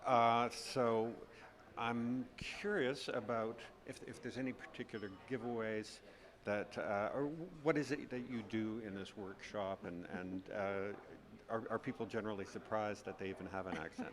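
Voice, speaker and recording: A man with a Canadian accent interviews a guest as a newspaper entertainment reporter. He pauses often and restarts his questions mid-way. His voice is low. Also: fairly even intonation, a crowd in the background. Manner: hesitant, many fillers and restarts.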